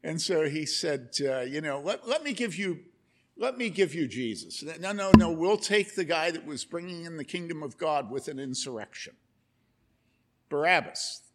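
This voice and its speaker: A man's voice: fairly high pitch, lively intonation, moderate pace, a bit bright, a little hiss or hum. A man preaching a sermon, telling a story with lots of energy and asking the congregation questions. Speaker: pastor.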